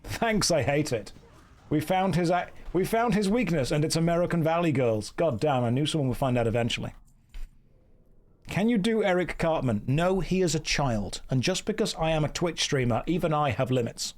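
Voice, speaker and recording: A man's voice: on the high side, expressive, moderate pace. An English man in his thirties chatting and joking with viewers while streaming a game. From England. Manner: joking, riffing, slips into mock accents. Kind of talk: live stream chat while gaming.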